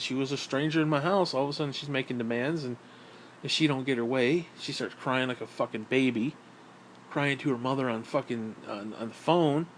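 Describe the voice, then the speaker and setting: A man's voice: medium pitch, a little hiss or hum. Bitter, profane middle-aged man ranting. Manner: bitter, profane, rambling rant. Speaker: vlogger. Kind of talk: casual venting monologue.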